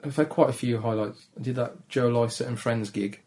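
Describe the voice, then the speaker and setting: Gravelly, low-key man with a Black Country accent. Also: fairly quick, darkish tone. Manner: low-energy, shy, self-deprecating. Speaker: comedian guest. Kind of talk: casual podcast chat.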